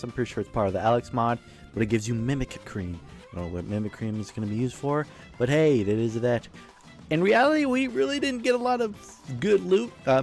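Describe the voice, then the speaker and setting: A man's voice: fairly low pitch, darkish tone. A man giving casual, rambling commentary over his own gameplay video, joking and correcting himself as he goes. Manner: rambling, self-correcting, jokey. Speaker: gaming YouTuber. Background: faint background music.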